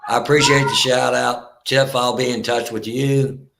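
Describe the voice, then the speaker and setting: A man's voice: mid-range voice, steady tone, moderate pace, vocal fry. A man joining a live stream chat as a guest, friendly, calling people buddy and brother. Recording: echoey room with faint noise.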